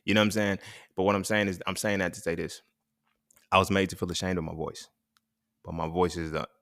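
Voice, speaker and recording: Deep gravelly man, raw and profane. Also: a bit bright, no echo, clean studio sound. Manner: raw, profane, reflective, laughs often. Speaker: podcast host. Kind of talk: candid solo monologue.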